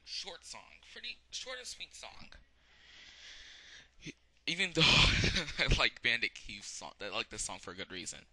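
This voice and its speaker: A man's voice: mid-range voice, huge pitch swings, measured pace, sharp tone. A young man casually reviewing songs, rambling with many ums and restarts. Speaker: song reviewer.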